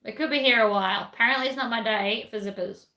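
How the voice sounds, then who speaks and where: A woman's voice: a little high, quick pace, pushed and bright. Chatty Australian woman in an echoey room. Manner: chatty, blunt, reads and answers viewer comments. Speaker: sewing livestream host. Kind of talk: casual chat while sewing.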